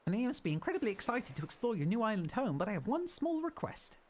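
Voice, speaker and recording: A man's voice: high voice, very animated, fast, a crowd in the background, voice pushed up. A man voicing a small, eager male raccoon helper in a video game, chirpy and polite.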